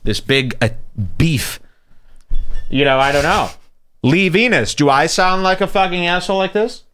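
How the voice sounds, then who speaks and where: A man hosting a podcast, mocking clips with sarcastic commentary and loud put-on impressions. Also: high-pitched, expressive, fairly quick, clean tone. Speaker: podcast host.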